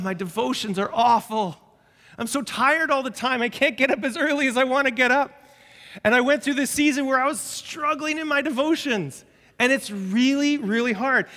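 A man in his thirties preaching a sermon, lively and conversational with self-deprecating humor. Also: high-pitched, big-room sound. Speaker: pastor.

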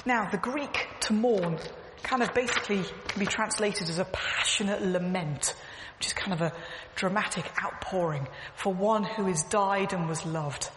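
A woman's voice: mid-range voice, normal speed, fairly bright tone. Earnest woman preaching in an echoey hall. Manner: earnest, emphatic storytelling with repeated phrases. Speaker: church speaker. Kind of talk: sermon. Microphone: clip-on mic, echoing. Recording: echoey hall, faint background noise.

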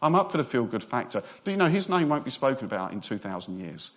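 A man preaching a sermon, lively and joking, sometimes speeding up as he gets excited. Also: medium pitch, quick pace.

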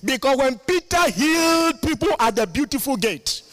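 High-pitched guy preaching, lots of laughing, keeps asking the crowd hello? eh?. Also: normal speed, no room sound, soft background music. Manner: animated, laughing, call-and-response with congregation. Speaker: guest preacher. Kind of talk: sermon.

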